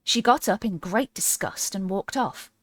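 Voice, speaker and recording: A woman narrating a classic storybook aloud with an expressive, animated reading. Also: mid-range voice, a little slow, dry recording. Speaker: audiobook reader.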